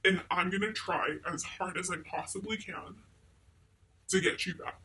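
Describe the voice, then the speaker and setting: A woman voicing her dismissive young male ex-boyfriend, speaking in a flat, nonchalant way. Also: fairly low pitch, moderate pace, far from the mic, pitched below the performer's own voice, poor audio. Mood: pleading.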